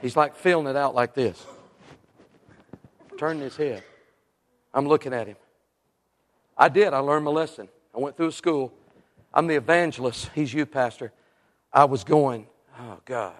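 A male evangelist, telling an animated story in a sermon and acting out the people in it. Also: mid-range voice, normal speed, pauses often. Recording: long reverb in a large hall.

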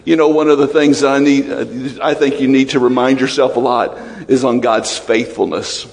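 A male pastor preaches with open emotion and animation, rising high and bright in praise, laughing, and dropping suddenly to low, hushed tones for warnings. His middle-pitched voice moves at normal speed, carried by the long reverb of a large hall.

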